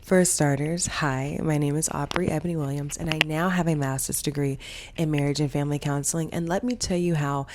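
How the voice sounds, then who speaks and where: A woman's voice: deep voice, fairly even intonation, fairly quick, very noisy. A woman hosting a casual storytime vlog, chatting through a personal story and acting out what people said. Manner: chatty storytelling, acts out quoted dialogue. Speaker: vlog host and family counselor.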